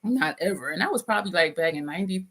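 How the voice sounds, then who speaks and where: A woman's voice: lowish voice, expressive, fast talker, a bit bright. A woman in her fifties, host of a casual livestream, telling a story to viewers, often laughing and reading out comments. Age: 50s.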